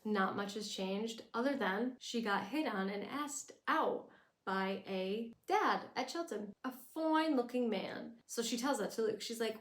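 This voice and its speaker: A woman's voice: a little high, measured pace. A young woman chattily recapping a TV episode, full of "like". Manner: chatty, lots of "like". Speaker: show recapper. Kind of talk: casual recap vlog. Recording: echoey room.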